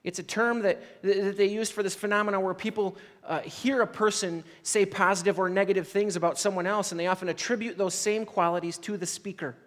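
A male pastor preaches a sermon with a big-room sound, speaking fairly quickly with hardly any pauses in a high, fairly bright voice with fairly even intonation. He tells stories casually and conversationally, peppering them with frequent "like" and checking in with "right?"

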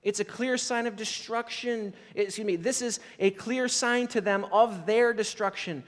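High-voiced male pastor in a reverberant hall. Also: fairly even intonation, moderate pace. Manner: conversational storytelling, frequent "like" and "right?". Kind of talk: sermon.

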